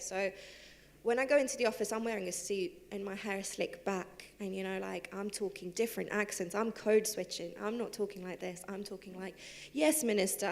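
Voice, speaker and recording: A young woman who is a guest on a live panel, talking quickly and casually about her life, with plenty of fillers and laughing at herself. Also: mid-range voice. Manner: fast, chatty, lots of fillers, laughs at herself. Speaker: panel guest, civil servant and henna artist. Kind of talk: live panel talk, personal storytelling. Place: theatre stage.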